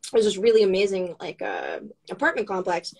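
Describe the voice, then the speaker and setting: Upbeat woman, chatty, says like a lot, mid pitch. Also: wildly swooping pitch, a little fast, breathy edge. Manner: bubbly, upbeat, lots of "like". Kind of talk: casual chat.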